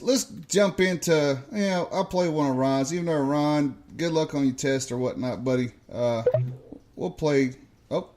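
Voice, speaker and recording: A man hosting a morning show, chatting casually and hesitantly. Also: mid-range voice. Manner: hesitant, filler-heavy. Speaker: radio show host. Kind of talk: casual chat.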